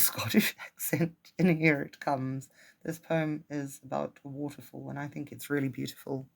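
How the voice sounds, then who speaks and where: A host of a casual home vlog who reads poems aloud and chats between them in a relaxed, self-deprecating way. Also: medium pitch. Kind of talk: casual poetry-reading vlog.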